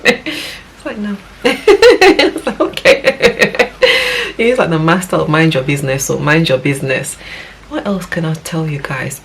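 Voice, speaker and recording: A woman's voice: deep voice, poor audio. Earnest woman with a West African accent. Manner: rambling, earnest, many fillers and restarts, laughs often. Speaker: parent vlogger. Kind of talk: casual talk to camera.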